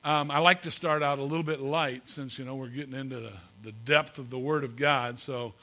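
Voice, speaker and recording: A man's voice: mid-range voice, steady tone, fairly quick, bright, forceful tone. A man preaching a sermon as pastor in a church, folksy and joking, calling on the congregation to respond. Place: church sanctuary.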